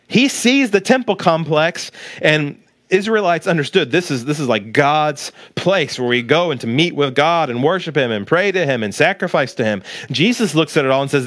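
A man in his thirties, a pastor preaching a sermon to listeners at home, animated and acting out the quoted voices. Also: normal speed, no room sound, studio quality. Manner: animated, acts out quoted voices with big pitch jumps; direct address to listeners at home.

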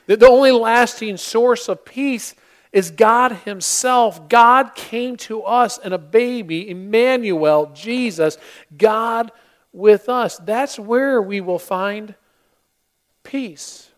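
A pastor's voice sits high as he delivers a heartfelt holiday sermon in the sanctuary. He pauses for effect and performs different voices while recounting a story.

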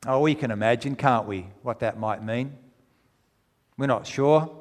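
A man preaching a sermon, telling a story with animated, rising delivery that climbs to near-shouting at its peak. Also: mid-range voice, unhurried, in a large hall.

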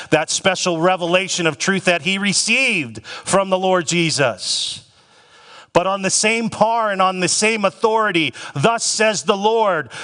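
A male pastor delivers a sermon with emphasis, slowing down to lean on each phrase of scripture. His voice sits a bit high for a man and comes across bright and forceful. A long hall reverb trails behind every line.

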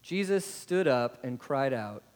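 A man's voice: mid-range voice, animated, takes it slowly, a little mellow. A man preaching a sermon to a congregation. He keeps asking them rhetorical questions. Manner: asks the congregation many rhetorical questions, adds "right?". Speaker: pastor. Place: church sanctuary. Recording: long hall reverb.

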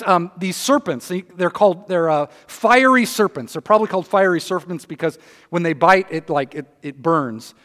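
A man's voice: high-pitched, a bit bright. A man preaching a sermon, reading scripture aloud with emphasis and breaking into conversational asides. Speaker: pastor. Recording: long reverb of a hall.

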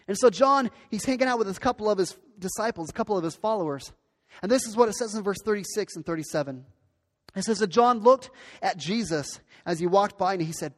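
A man's voice: sits high, animated, a little fast. A male pastor giving an earnest, emphatic sermon that repeats its key points. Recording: long hall reverb.

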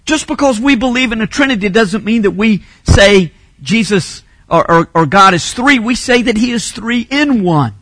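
A man preaching a sermon as a pastor, teaching Bible points and rising to emphatic shouts on key phrases. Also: high voice, animated, normal speed, dry recording.

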